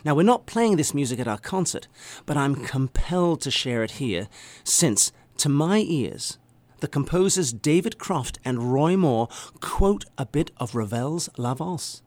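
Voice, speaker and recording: Lively conductor, dry sound. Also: male voice, medium pitch, measured pace, no room sound. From England. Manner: enthusiastic, hums melodies aloud. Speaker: orchestra conductor. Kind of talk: presenting a concert program.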